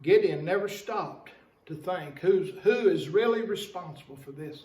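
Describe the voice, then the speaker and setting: A man's voice: sits high, expressive, normal speed, darkish tone. A man preaching a fervent sermon as pastor, quoting scripture figures with folksy asides. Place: church sanctuary. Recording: echoey church hall, distant mic.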